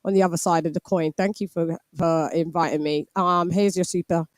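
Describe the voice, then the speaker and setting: A woman's voice: fairly low pitch, fairly even intonation, fairly quick, over loud music. A British woman in her forties hosting a boxing live stream, chatting casually and laughing while reading out viewer messages. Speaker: boxing show host.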